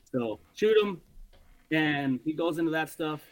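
A man guesting on a podcast, telling a hunting story in an animated, casual way and swearing freely. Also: on the high side, measured pace, no echo, poor audio.

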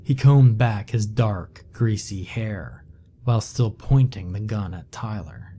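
Slow dark-voiced male horror narrator. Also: lowish voice, animated, a little hiss or hum. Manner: slow, measured, somber. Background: faint music.

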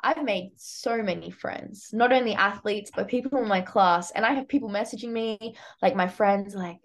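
A young woman with an Australian accent, a college softball pitcher chatting casually and upbeat as a guest in an interview. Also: moderate pace. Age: young adult.

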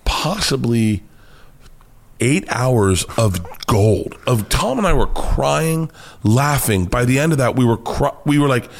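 A man with an American accent, a comedian guest telling animated, profane stories in an interview and acting out quoted voices. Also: mid-range voice, takes it slowly, vocal fry. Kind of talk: storytelling interview chat.

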